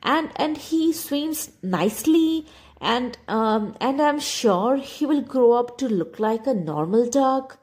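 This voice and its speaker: A woman voicing a gentle, anxious mother duck in a storybook, soft and hesitant, stammering when worried. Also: on the high side, sing-song, slow pace. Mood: fretful.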